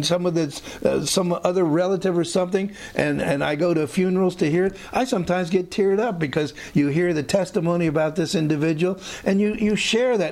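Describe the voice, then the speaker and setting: Gravelly man teaching scripture casually. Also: high voice, a little mellow. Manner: conversational, rambling, with frequent restarts and asides. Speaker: Bible teacher. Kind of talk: informal Bible teaching.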